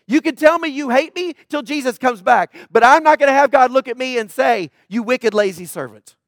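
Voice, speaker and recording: Male pastor, high voice, urgent emphatic sermon delivery in church, dry close sound. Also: a little fast, fairly bright tone, no room sound. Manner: urgent, emphatic preaching with repetition.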